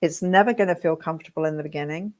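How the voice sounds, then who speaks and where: A British woman, a hairdressing coach, telling her career story straight to camera with lively check-ins to her viewers. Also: deep voice, very fast. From Britain. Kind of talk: reflective direct-to-camera talk.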